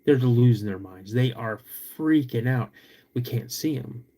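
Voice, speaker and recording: A young man, hosting a podcast and telling a story in an animated, drawn-out way with sudden loud bursts. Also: mid-range voice. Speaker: podcast host.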